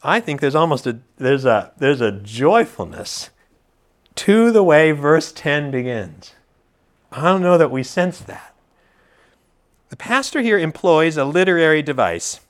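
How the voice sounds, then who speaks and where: A man preaching an expository sermon to a congregation, teacherly and animated, joking with the room. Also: a little high, measured pace.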